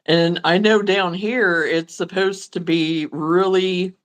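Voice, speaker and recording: A woman hosting a casual livestream chat with a slightly low voice. She asks friendly questions and encourages her guest. She sounds relaxed and conversational. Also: takes it slowly. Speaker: livestream host.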